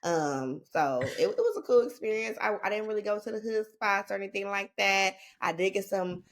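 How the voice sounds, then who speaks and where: A woman's voice: medium pitch, lively intonation, moderate pace. A woman, a podcast guest talking in a laid-back, slangy, rambling way. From Northern California. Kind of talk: casual chat.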